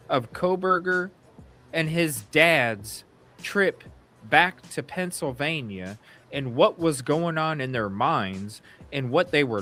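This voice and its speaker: A man's voice: medium pitch, a bit bright. A man co-hosting a casual true-crime talk show, blunt and opinionated, swearing freely and restarting his sentences as he rambles. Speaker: podcast co-host.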